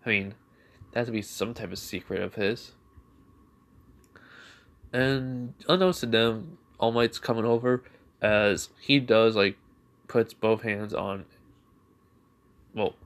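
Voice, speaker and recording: A man's voice: fairly low pitch, slow, long pauses. A man casually retelling a fan-made story, rambling along with plenty of "like" and "you know".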